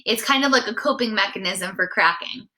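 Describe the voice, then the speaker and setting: Singing teacher lady, bright voice, chatty and encouraging, keeps asking "right?". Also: mid-range voice, a little fast. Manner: demonstrates sighs and nasal sounds mid-explanation. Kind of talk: live-streamed singing lesson.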